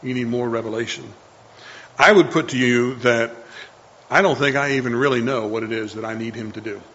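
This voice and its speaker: Earnest man preaching, bright voice. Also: medium pitch, fairly quick, highs cut off. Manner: earnest, conversational, often restarts and repeats lines. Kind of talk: sermon.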